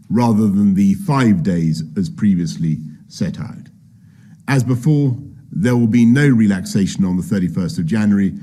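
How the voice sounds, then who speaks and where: A man delivers a formal public address as a national leader, his voice low and mellow. He speaks gravely and deliberately, leaning on key phrases with a slightly husky tone. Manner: grave, measured delivery with emphatic repetition. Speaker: prime minister.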